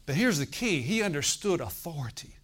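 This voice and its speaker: A pastor in his sixties giving a sermon, telling a scripture story with animated acted-out dialogue and dropping into quiet, confiding asides. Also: a little fast. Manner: animated storytelling, acting out quoted dialogue with rising pitch and volume. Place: church.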